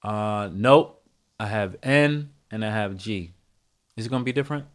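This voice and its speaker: Speaking at a normal speed in a lowish voice, a man runs a live music production tutorial. He talks casually to his chat, reasoning out loud and fixing his own mistakes as he goes.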